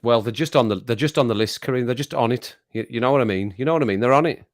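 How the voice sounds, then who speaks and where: Quick-paced and mid-range, the voice belongs to a middle-aged man hosting an easygoing stream. As he reads the chat he teases his audience, laughs often, and keeps repeating phrases.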